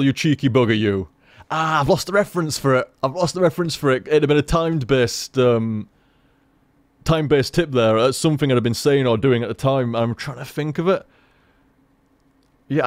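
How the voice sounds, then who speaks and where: A man's voice: medium pitch, dry recording. A man in casual rambling chat as a gaming commentator, chatty, laughing at himself and swearing freely.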